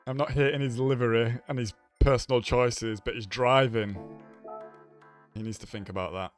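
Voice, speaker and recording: A man with a Yorkshire accent talks casually through a live racing game stream, greeting viewers by name between comments on his laps. He speaks at a middle pitch in a relaxed, everyday tone. Faint game music runs underneath. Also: moderate pace. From Yorkshire, England. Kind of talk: live gameplay commentary and chat.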